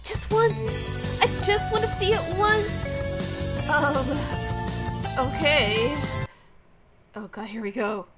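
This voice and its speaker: A woman's voice: high voice, lively intonation, slow, long pauses. A woman streamer playing and reading a visual novel, bubbly and giggly, reading each character aloud. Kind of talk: game playthrough with voiced reading. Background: loud music.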